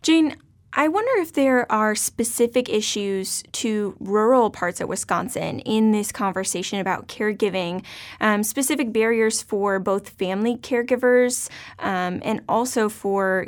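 A woman's voice: medium pitch, unhurried. A woman hosting an interview, asking questions with many hesitations and fillers. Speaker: interview host. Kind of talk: hosted interview.

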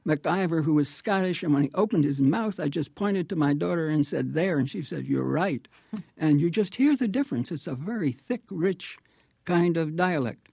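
Gravelly man with a dark, husky voice. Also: fairly high pitch, expressive, moderate pace, dry recording, studio quality. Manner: reflective, anecdotal, restarts phrases. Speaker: author and guest. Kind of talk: radio interview.

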